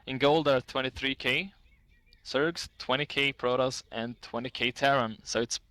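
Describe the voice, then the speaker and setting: Bright-voiced man reading game stats. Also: mid-range voice, steady tone, normal speed, dry recording. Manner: chatty, reads out statistics, laughs often. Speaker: esports caster. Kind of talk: casual esports commentary.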